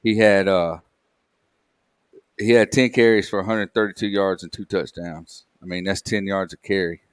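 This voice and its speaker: A man's voice: sits low, steady tone, moderate pace, clean tone, no room sound. A man co-hosting a casual sports chat, ranting and salty. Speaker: co-host.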